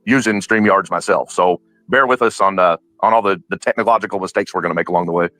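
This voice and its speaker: A man's voice: sits low, fast, pushed and bright, no echo, faint music behind, poor audio. A man hosting a livestream, upbeat, thanking donors and addressing the chat. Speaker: livestream host.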